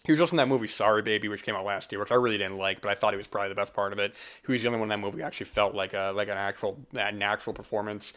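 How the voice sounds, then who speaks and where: Rambling man reviewing films, low voice. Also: fairly even intonation, racing, hardly any pauses, fairly bright tone. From US East Coast. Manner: rambling, many fillers and restarts. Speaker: podcast host. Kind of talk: casual film review monologue.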